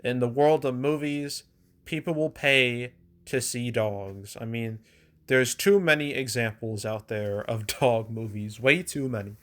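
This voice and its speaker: A man's voice: mid-range voice, unhurried, fairly bright tone. A man hosting his own show, chatting loosely about movies in a rambling way, full of fillers and the odd chuckle. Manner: rambling, filler-heavy with frequent "like"; chuckles now and then. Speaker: movie box office commentator. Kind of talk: casual solo commentary.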